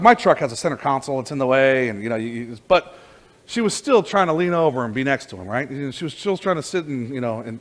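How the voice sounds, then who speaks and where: Animated male pastor, slightly higher voice. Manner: animated storytelling with many restarts and repeated words. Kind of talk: sermon.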